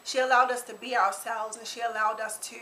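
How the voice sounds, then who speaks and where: A woman speaking as a producer in an interview, earnest and thoughtful, pausing with fillers. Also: a little high, level tone, pushed and bright, roomy sound, a little hiss or hum, low-quality recording. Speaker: producer and cast member. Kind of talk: on-set interview.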